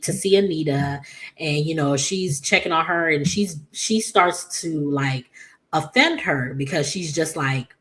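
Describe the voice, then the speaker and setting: A deep-voiced woman gives a chatty, loose recap of a soap opera episode. She peppers it with fillers and clears her throat often, becoming animated as she imitates characters' lines.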